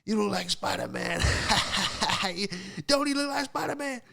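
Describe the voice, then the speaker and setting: A man's voice: very high voice, moderate pace, a bit bright, pitched above the performer's own voice. A man putting on the voice of a gushing woman fan who teases him, squealing and repeating herself. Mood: teasing. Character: gushing teasing woman fan after a show.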